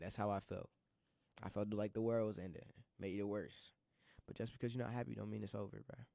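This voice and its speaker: A man's voice: mid-range voice, warm tone, clean tone, no room sound, studio quality. A young man hosting a college radio show alone, talking casually in a rambling, slangy, heartfelt way and often repeating himself. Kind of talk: casual solo monologue.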